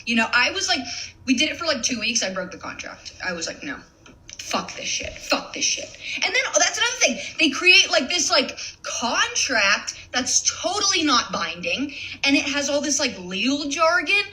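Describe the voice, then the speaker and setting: A woman's voice: high voice, big pitch swings, normal speed, bright, forceful tone, low-quality recording. A young woman in a casual, profane rant, blunt and swearing often, laughing as she talks. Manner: blunt, swears a lot, laughs mid-sentence. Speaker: content creator.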